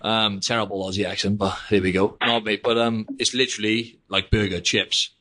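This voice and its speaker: Brief: young male podcast host, rapid casual rambling, slightly low voice. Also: flat delivery, bright, forceful tone. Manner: rambling, peppers speech with "mate" and "like". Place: living in Australia.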